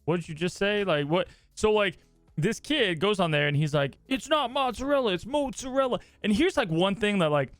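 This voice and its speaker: A man from the American South co-hosts a casual podcast and tells laid-back, rambling anecdotes. His voice sits a little high, and it is recorded dry and close with faint music underneath. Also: dry recording. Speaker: podcast co-host. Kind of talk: casual chat.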